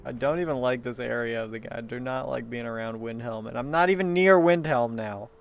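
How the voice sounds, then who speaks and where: With a mid-range voice marked by vocal fry, a man streams himself playing a game and rambles through casual commentary. He cracks jokes, curses freely, and laughs easily.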